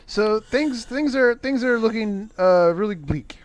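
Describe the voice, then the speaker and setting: A middle-aged man casually recapping an old movie on a podcast, sarcastic and profane, with animated asides. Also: sits high, unhurried, noisy background. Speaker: podcast co-host recapping a film. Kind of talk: casual chat.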